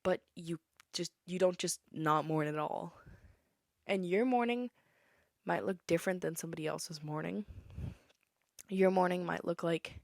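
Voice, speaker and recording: A teenage girl talks through her own podcast in a chatty, opinionated way. Her voice sits a little low for a woman. The recording is dry and close, with no room sound around her. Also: measured pace, creaky, long pauses, no echo. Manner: chatty, opinionated, breaks into song. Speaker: podcast host. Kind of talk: casual solo podcast monologue.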